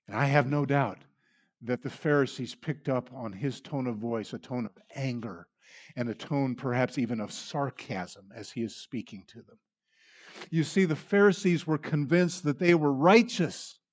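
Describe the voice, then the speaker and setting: A man preaching a sermon, dramatic in delivery, acting out the voices he quotes and swinging from loud to hushed. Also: mid-range voice, a little slow.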